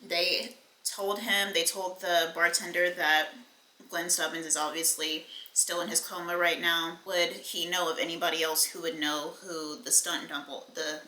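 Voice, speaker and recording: A woman's voice: on the low side, little pitch movement, unhurried, sharp tone, reverberant, low-quality recording. A woman giving a casual, chatty recap and review of a TV episode, full of fillers and blunt asides. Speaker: TV recap vlogger.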